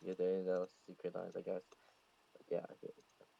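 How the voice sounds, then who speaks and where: A man chatting casually over a voice call, breaking in with quick asides. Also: low voice, completely flat delivery, vocal fry, warm tone, muffled recording. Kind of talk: casual chat.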